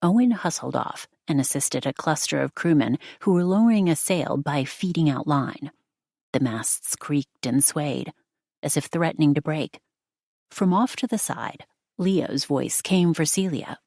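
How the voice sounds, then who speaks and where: Low-voiced woman reading an audiobook. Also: vocal fry, no room sound, clean studio sound. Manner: steady, measured storytelling. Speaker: audiobook narrator. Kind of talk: scripted narration.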